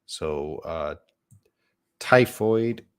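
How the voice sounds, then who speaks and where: A deep-voiced man teaches English live online, going slowly through each word. He sounds middle-aged and patient, and he stops to correct himself before moving on. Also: lively intonation, clear, resonant tone. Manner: patient, explains words step by step, corrects himself.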